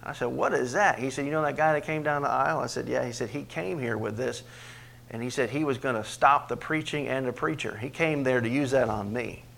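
A man preaching a sermon as pastor, questioning the congregation and swinging from quiet asides to emphatic, loud peaks. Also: a little fast, creaky. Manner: preaches with big swings in pitch and loudness, rising to emphatic peaks; asks the congregation questions directly.

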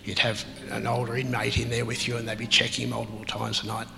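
A man telling his life story as an interview guest, halting and reflective, with many pauses and fillers. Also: mid-range voice, completely flat delivery, vocal fry, pushed and bright, long reverb tail, a little hiss or hum, rough recording. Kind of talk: personal testimony in an interview.

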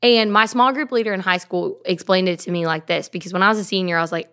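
A woman's voice: lowish voice, steady tone, fast, hardly any pauses, a bit bright, clear, resonant tone. A young woman co-hosting a casual faith podcast, chatty, laughing easily and filling her talk with "like". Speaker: podcast co-host.

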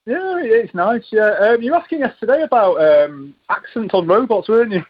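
A man's voice: high voice, expressive, moderate pace. A man calling in to a talk show, joking in a rambling way and stumbling over his words. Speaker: caller. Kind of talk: phone-in call. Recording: dull lo-fi phone line.

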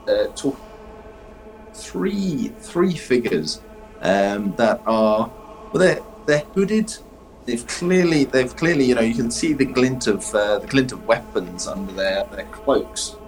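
A man's voice: mid-range voice, low-quality recording. A man narrating as game master, rambling with lots of fillers and restarts.

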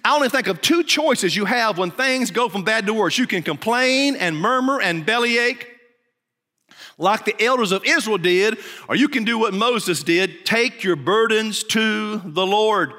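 Emphatic high-voiced male preacher, reverberant hall. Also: animated, measured pace, pushed and bright. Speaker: pastor. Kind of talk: sermon.

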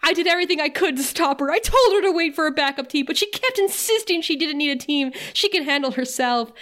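A woman's voice: high voice, animated, quick pace, a bit bright, pitched above the performer's own voice. A woman putting on a fake-grieving professor. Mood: mock grief. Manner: overdone mock sorrow. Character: scheming female professor faking grief.

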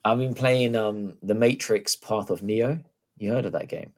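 A man's voice: lowish voice, a little slow. A man co-hosting a casual gaming podcast, joking and laughing often in banter. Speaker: podcast co-host.

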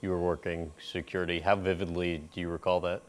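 Deep-voiced male interviewer recapping. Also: little pitch movement. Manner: measured, recaps the guest's past before asking. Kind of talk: interview questions.

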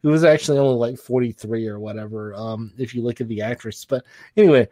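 A man co-hosts a casual film podcast, rambling with plenty of "like" and "uh". His voice sits at an ordinary middle pitch. The sound is dry and close, with no room around it. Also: fast, no room sound. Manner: rambling, many fillers, animated mock impressions. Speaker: podcast co-host. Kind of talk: casual film-review chat.

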